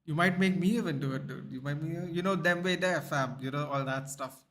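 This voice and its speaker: A man's voice: fairly high pitch, brisk. Chatty Indian-accented man saying dude. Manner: loose and chatty, says dude a lot, excitable reactions. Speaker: livestream host. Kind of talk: casual watchalong chat, reading viewer comments.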